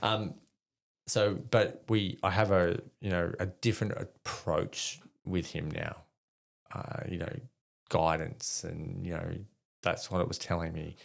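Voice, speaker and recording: Deep and a bit slow, his voice carries vocal fry and a flat delivery. He's a middle-aged Australian army veteran on a podcast, rambling through frank, conversational stories full of fillers.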